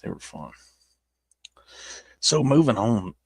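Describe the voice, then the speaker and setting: A man's voice: medium pitch, sing-song, slow, husky, dry recording. A man with a Southern accent chatting casually as he looks back on his old videos, rambling and poking fun at himself. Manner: rambling and self-mocking, with many restarts. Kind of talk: casual chat.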